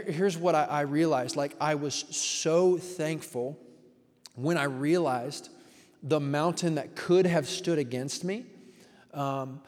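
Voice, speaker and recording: A male pastor giving a relaxed, conversational sermon, telling stories and asking the congregation questions. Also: fairly high pitch. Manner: casual, storytelling, engages the congregation with questions. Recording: long hall reverb.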